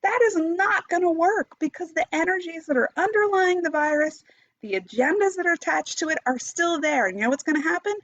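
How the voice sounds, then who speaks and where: In an impassioned, unscripted monologue, a woman meditation teacher swears freely and keeps restarting her sentences. Her very high-pitched voice is expressive, brisk and a bit bright. The recording is dull, dry and lo-fi, with no echo.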